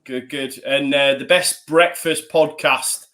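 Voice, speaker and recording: A man's voice: medium pitch, steady tone, slow pace, a bit bright. A man hosting a casual podcast chat over a video call, chatty and upbeat with lots of fillers. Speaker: host.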